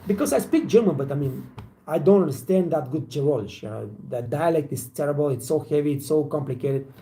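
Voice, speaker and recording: Man, gravelly, mellow tone, rambling, swears, faint background hiss. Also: a little high, a little fast, rough recording. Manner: rambling, repetitive, swears freely. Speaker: waiter trainer hosting a live Q&A. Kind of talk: casual live Q&A chat.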